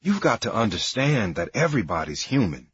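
A man voicing a stern elderly grandmother who scolds and commands loudly. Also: fairly low pitch, sing-song, a little fast, husky, exaggerated voice. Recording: dry, dull lo-fi recording.

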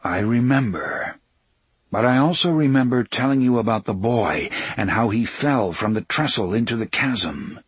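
A man voicing a weary, solemn gunslinger who speaks slowly and measuredly. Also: mid-range voice, expressive, slightly rough, no room sound. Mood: troubled. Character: grave weary gunslinger man, middle-aged.

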